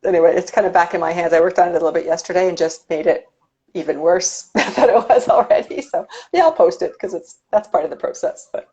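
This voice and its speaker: In a low-quality recording, a woman with a fairly low, mellow voice hosts a casual conversation about art with an artist. She comes across as reflective, thinking aloud as she talks.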